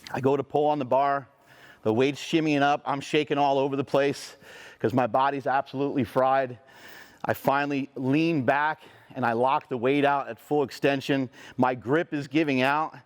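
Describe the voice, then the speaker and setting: A man's voice: medium pitch, steady tone, normal speed. Profane, storytelling man. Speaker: motivational speaker. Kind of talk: motivational storytelling speech.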